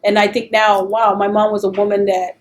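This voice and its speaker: A middle-aged woman telling stories in an oral history interview, animated and acting out the voices she quotes. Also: mid-range voice, fairly quick, slight background noise.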